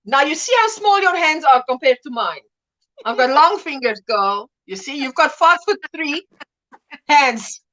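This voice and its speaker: A woman's voice: high voice, lively intonation, a little slow, bright, forceful tone. A middle-aged woman hosting a casual livestream chat, reading viewers' comments aloud and laughing often. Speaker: livestream host.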